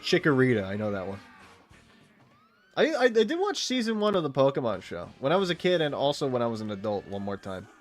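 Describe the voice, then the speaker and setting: Rambling, swearing streamer man, very lively pitch. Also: brisk, faint music behind. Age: late 20s. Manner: rambling, profane, chatty with chat and game animals. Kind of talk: casual gameplay commentary.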